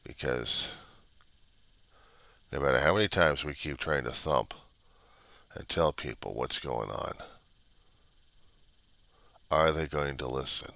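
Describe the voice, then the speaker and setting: A man with an extremely low, gravelly voice that still comes across bright and forceful. He rants in an agitated, repetitive way, piling up rhetorical questions. The recording is dry and close, with no room sound. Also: takes it slowly, pauses often, no echo. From United States. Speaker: vlogger. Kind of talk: ranting monologue. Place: apartment.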